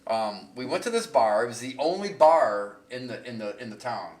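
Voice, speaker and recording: A man's voice: medium pitch, expressive, normal speed, echoey room, distant mic. A man casually telling rambling, profane road-trip stories on a podcast, often laughing. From Michigan. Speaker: podcast host. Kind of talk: casual storytelling chat.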